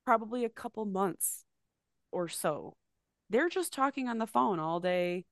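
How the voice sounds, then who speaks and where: A woman's voice: medium pitch, a little slow, no echo. A young woman spins a long anecdote on a podcast, casual and profane and full of restarts. Her voice sits in a middle register. The mic is close and dry, with no room sound. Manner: rambling, profane, animated retelling with restarts. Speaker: podcast co-host. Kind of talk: casual storytelling chat.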